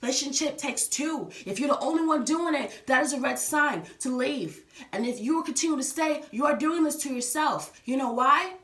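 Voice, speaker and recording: A woman's voice: high-pitched, expressive, normal speed, hardly any pauses, fairly bright tone. A young woman giving earnest relationship advice in a casual vlog, repeating herself and addressing the viewer directly. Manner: earnest, repetitive, talks straight to the viewer as "baby". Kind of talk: casual heartfelt advice talk. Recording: echoey room, from a distance.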